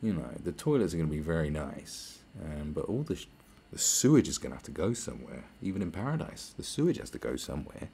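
A man's voice: rumbling low, big pitch swings, quick pace, gravelly, few pauses, warm tone, slightly rough. A British man hosting a podcast, delivering a sarcastic, profane rant. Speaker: podcast host. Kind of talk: podcast monologue.

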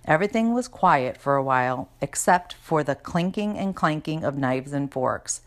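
A woman's voice: deep voice, expressive, normal speed. A woman reading a children's storybook aloud in a chatty first-person narration. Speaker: reader.

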